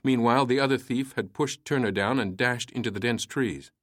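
A man reading a story aloud in a measured, steady way. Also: medium pitch, dry recording, studio quality. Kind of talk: storytelling narration.

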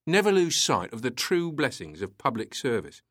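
Guy putting on a gruff irritable officer in a storybook, dry close recording. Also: mid-range voice, big pitch swings, normal speed, no room sound, pitched above the performer's own voice. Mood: stern. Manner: clipped, commanding, irritable. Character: stern older male English police officer.

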